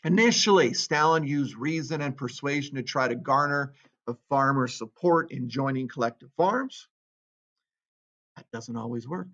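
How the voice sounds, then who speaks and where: A man's voice: mid-range voice, expressive, moderate pace, a bit bright. A man teaching a history lesson in a casual way, reading out quotes and then commenting on them. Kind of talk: classroom history lecture. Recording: dull lo-fi recording.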